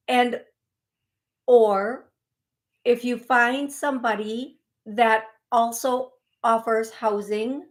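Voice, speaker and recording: A psychic medium, a woman with a slightly high voice, hosts a live call-in show. She chats with callers and viewers in the chat in a rambling, folksy, reassuring way, often correcting herself partway through a sentence.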